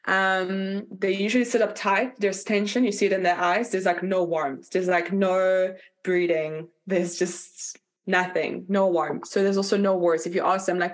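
A woman's voice: medium pitch, steady tone, moderate pace. A woman leading a live online workshop, talking candidly and chattily, full of "like" fillers and blunt swearing. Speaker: workshop facilitator.

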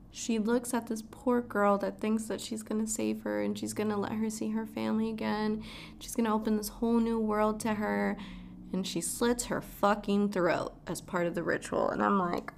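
A woman tells a story in a loose, chatty vlog recap. She is animated and swears freely as she walks through the plot. Her voice sits at a middle pitch for a woman. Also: creaky.

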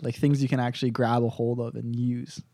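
A man's voice: medium pitch, flat delivery, fairly quick, mellow, dry recording. A young man co-hosting a podcast in casual chat, laid-back and swearing freely, telling stories with voiced impressions. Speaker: podcast co-host.

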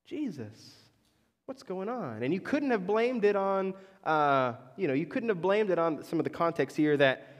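Man, pastor, sermon, storytelling, high voice, reverberant hall. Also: lively intonation, normal speed, hardly any pauses. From Florida, US. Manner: storytelling, keeps checking in with "right?".

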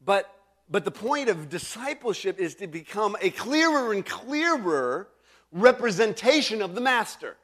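A man's voice: sits high, very animated, unhurried, a bit bright. A middle-aged male pastor preaching a sermon in a conversational way, full of restarts and asides to the congregation.

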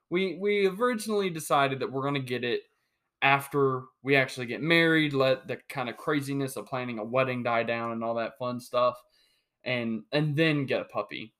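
A young man hosting a solo sports podcast, talking in an animated, joking way with many restarts. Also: medium pitch. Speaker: podcast host.

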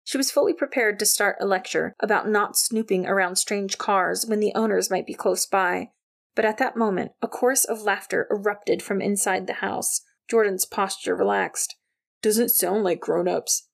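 Woman reading an audiobook, wry storyteller, gravelly fry in her voice. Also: medium pitch, steady tone, moderate pace. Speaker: narrator. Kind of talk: audiobook narration.

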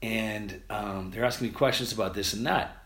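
An American man hosting a podcast, talking casually and quickly, rambling with restarts and fillers. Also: on the low side, steady tone, a bit bright. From United States. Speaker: podcast host. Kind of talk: casual solo podcast monologue. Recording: roomy echo.

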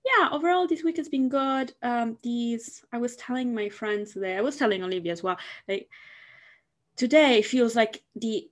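A woman co-hosting a casual podcast, talking in a relaxed, dry way and chuckling now and then. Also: a little high, moderate pace. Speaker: podcast co-host. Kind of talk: casual chat.

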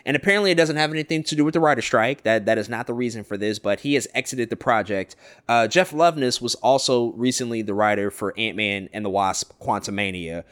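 A man co-hosting a casual pop culture podcast. He talks quickly, breaking news down with analytical asides. His pitch sits in an ordinary middle range. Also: a bit bright. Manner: brisk, analytical, rambling asides. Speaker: podcast co-host.

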